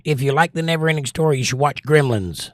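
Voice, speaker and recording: Speaking at a quick pace in a slightly high voice, this Southern U.S. man hosts a livestream, reading viewer comments aloud. He keeps it casual and chatty while giving firm, opinionated movie recommendations, and the studio-quality audio has no room sound.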